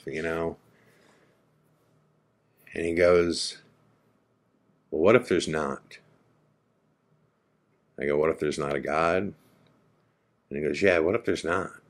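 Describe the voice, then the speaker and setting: A podcast host, a man, slowly and quietly retelling a heartfelt conversation, quoting both sides. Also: rumbling low. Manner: slow, quiet, reflective retelling with quoted dialogue. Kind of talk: emotional personal storytelling.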